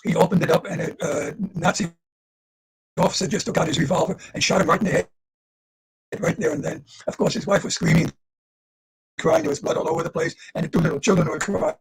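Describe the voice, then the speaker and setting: An older man in his eighties with a high, gravelly and very husky voice, speaking over a video call. He tells his story earnestly and turns to talk directly to the students listening. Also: a little fast, pauses often, poor audio. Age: 80s. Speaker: Holocaust survivor speaking to students. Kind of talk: livestreamed talk.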